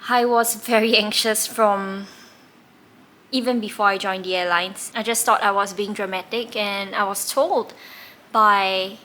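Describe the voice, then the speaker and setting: A woman's voice: medium pitch, fairly even intonation, unhurried, bright, forceful tone. A woman, candidly telling a personal story in a reflective way, with occasional laughs. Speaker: tarot reader recounting her past.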